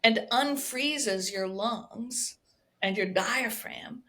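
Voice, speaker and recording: Drawing out her words in a slightly high, fairly bright voice, a woman guests on a podcast as a somatic healer. It's a conversational interview, and she explains expressively, often tossing in "right?"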